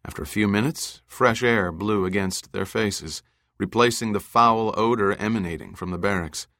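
A man with a low, deep voice narrates an audiobook in a measured, deliberate way. His tone is bright and forceful, and the recording is close and dry with no room sound. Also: no room sound.

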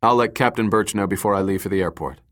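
A man voicing a steady, gently teasing male agent in an audiobook. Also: on the low side, fast talker, close to an everyday voice. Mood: easygoing.

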